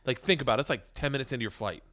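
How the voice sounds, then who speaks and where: A man telling an animated story as a podcast guest, excitable and profane, often laughing and shouting. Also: mid-range voice, racing. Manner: fathers children.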